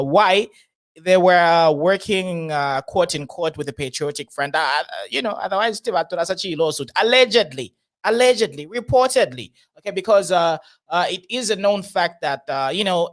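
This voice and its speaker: Host: high-pitched man, chatty political commentator who laughs often. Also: a bit bright.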